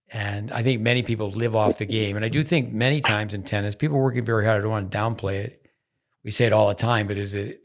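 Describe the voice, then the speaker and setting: Gravelly-voiced male podcast host. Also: on the low side. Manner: halting, many restarts, talks in sayings. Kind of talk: casual podcast chat.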